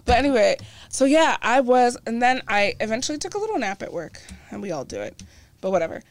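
A woman's voice: on the high side, big pitch swings, a little fast. A woman co-hosting a podcast, telling a rambling story in casual chat and laughing often. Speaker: podcast co-host.

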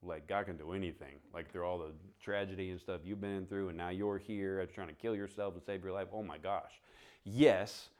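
A man's voice: low voice, a little fast, hardly any pauses. A man preaching as a pastor, telling a personal story and acting out the conversations with humor. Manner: animated storyteller, acts out dialogue, laughs at himself. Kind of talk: sermon storytelling.

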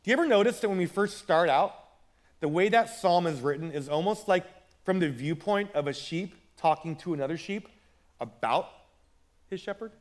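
Guy preaching a sermon, high-ish voice, casual and chatty, stumbles over repeats. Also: expressive, moderate pace. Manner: conversational, repeats words when building a point. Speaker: pastor.

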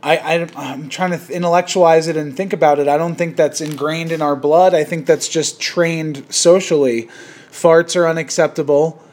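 Man, podcast host, casual chat, a bit high pitch, rambling, laughs often. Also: fairly even intonation, normal speed, darkish tone.

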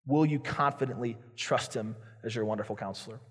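A man's voice: medium pitch, fairly quick, breathy edge. Pastor, male, preaching earnestly from the pulpit; voice carries a long reverb from a large hall. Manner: earnest, confessional preaching that acts out inner prayers. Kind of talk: sermon.

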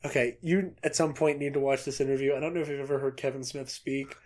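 Excitable man reading news aloud. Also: mid-range voice, fast. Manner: excitable, laughing often, casual swearing. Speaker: podcast co-host. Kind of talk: casual chat reading a news story aloud.

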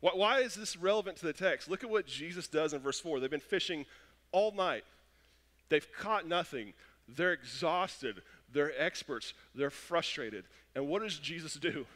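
A young adult man preaching a sermon, telling stories and acting out quotes with lively animation. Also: fairly high pitch, moderate pace. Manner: animated storytelling with acted-out quotes. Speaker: pastor. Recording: long hall reverb.

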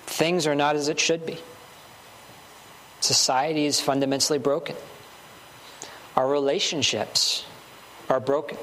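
Preacher, male, slightly high voice, earnest repetitive sermon delivery, faint background hiss. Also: steady tone, a little slow, long pauses, a bit bright. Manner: earnest, building emphasis with short repeated phrases.

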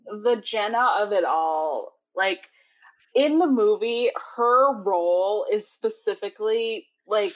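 A woman co-hosting a casual chat, eagerly summarizing a story and rushing through the plot. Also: mid-range voice, animated. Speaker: podcast co-host. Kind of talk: casual chat recapping a book and movie.

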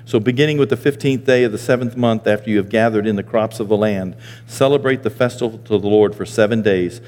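A man in his sixties, a pastor, preaching a sermon and telling stories, now and then jumping into high squeaky voices for the people he quotes. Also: quick pace, darkish tone, long reverb tail. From Maine. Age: 60s. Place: church sanctuary.

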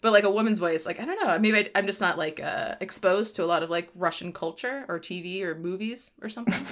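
Speaking at a quick pace in a medium-pitched voice, a woman hosts a podcast in casual chat, rambling with lots of "like," laughing, and swearing freely. Her first language is Spanish.

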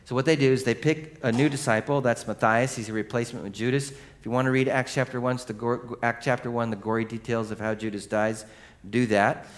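A man's voice: medium pitch, fairly even intonation, a little fast. A male pastor giving a sermon in a conversational, joking storytelling manner, leading the congregation through scripture. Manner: leads the congregation in reading scripture.

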